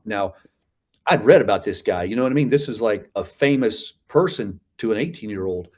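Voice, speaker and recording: A combat veteran in his fifties tells stories as a guest on a casual interview, rambling with frequent fillers and restarts and a habit of saying "man." His voice is fairly low and a little mellow, with lively intonation and a slightly fast pace.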